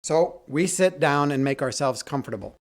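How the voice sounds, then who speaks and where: A man hosting his own podcast, telling a personal story and acting out quoted dialogue with lively shifts in voice. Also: a little high, normal speed. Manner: retells scenes, quoting dialogue in lively voices. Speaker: podcast host.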